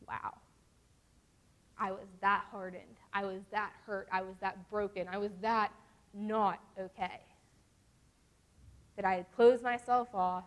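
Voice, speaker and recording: A woman's voice: mid-range voice, lively intonation, bright, forceful tone. Earnest young woman teaching a lesson. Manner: earnest, conversational, reads verses slowly. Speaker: youth group teacher. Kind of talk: casual church lesson with scripture reading.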